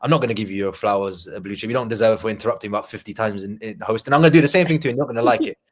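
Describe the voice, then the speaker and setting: A man on a football fan panel show, arguing his point in casual, repetitive debate. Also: fairly low pitch. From not from Liverpool. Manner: fast, argumentative, repeats words when making a point.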